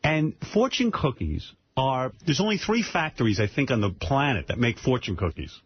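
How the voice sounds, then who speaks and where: A man's voice: medium pitch, sing-song, moderate pace, dull audio, slight background noise. A man hosting a radio show, telling a rambling, emotional story in casual talk, repeating himself. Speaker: radio host. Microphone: studio microphone, dry.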